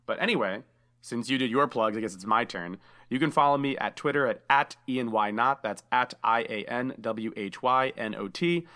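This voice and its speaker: A man's voice: mid-range voice, moderate pace, pushed and bright. A man hosting a casual podcast, chatty and enthusiastic, saying dude a lot. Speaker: podcast host.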